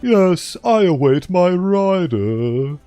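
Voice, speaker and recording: A man voicing an ancient reptilian monster, the steed of Death, with posh, slow and formal speech. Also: high voice, very animated, warm tone, no room sound, faint music behind, pitched above the performer's own voice, exaggerated voice. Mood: cold, formal. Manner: formal, measured, posh diction.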